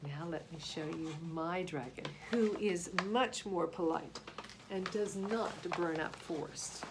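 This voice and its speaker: A woman reading a picture book aloud to young children, expressive and asking them questions. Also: on the low side, takes it slowly, background noise. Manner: expressive, gasps and asks the listeners questions. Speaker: children's story reader.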